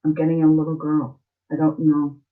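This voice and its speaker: A woman hosting a live-stream spiritual reading as a psychic, speaking tenderly and emotionally, halting and repeating herself with many fillers. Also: deep voice, monotone. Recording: slightly muffled lo-fi stream audio.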